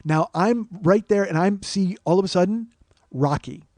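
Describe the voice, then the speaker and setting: Host-comedian, middle-aged man, high voice, dry close sound; animated, foul-mouthed storyteller. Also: normal speed, no room sound. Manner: animated, profane, builds to excited loud stretches. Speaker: podcast host. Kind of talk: comic storytelling monologue.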